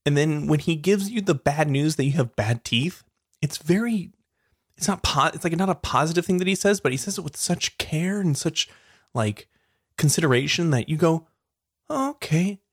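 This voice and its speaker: A woman co-hosting a casual comedy podcast, giggly and animated, often jumping into high squeals. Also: normal speed, breathy edge, dry recording, studio quality. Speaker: podcast co-host.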